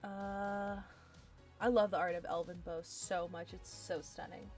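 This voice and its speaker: An excitable woman chatting to herself and her stream viewers while she builds a card game deck, with bursts of delight. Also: fairly low pitch, a little slow, soft background music. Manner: excitable, talks to herself while browsing cards. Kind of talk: casual live-stream deckbuilding chat.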